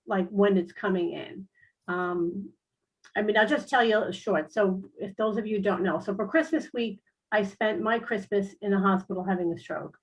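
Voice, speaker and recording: A middle-aged woman tells personal stories on an online talk show, her pitch sitting in a middle range for a woman. She talks in a chatty, earnest way, with plenty of fillers and restarts, and sounds at ease as a spiritual guest speaker. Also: slightly rough, dull audio. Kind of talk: casual personal storytelling.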